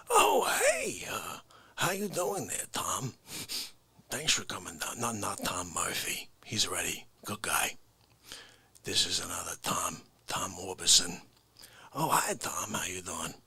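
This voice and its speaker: Brief: man doing a slow, husky, judgmental gatekeeper character, wild pitch swings. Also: no room sound, exaggerated voice. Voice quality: gravelly, swings from hissed whispers to shouts. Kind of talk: comedy sketch character.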